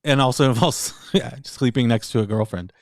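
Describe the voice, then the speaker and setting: A man's voice: medium pitch, a little fast, no room sound, studio quality. A man in casual chat, telling a story in a rambling way, often laughing and slipping into other voices. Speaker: podcast co-host.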